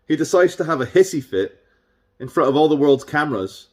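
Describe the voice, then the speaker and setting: A man's voice: a little high, animated, normal speed. Sarcastic, rambling man vlogging. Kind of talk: casual monologue.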